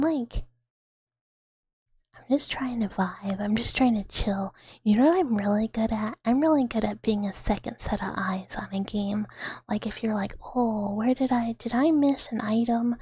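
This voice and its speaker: A young adult woman streamer in a whispered ASMR chat, rambling playfully in soft unvoiced whispers and giggling. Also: medium pitch, husky, no echo.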